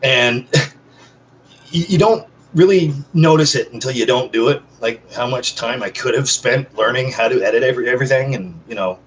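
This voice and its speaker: At a normal speed and medium pitch, a man talks to his viewers from home in a casual, unedited one-take vlog. He rambles and jokes, often at his own expense. The audio is poor, with a little hiss or hum.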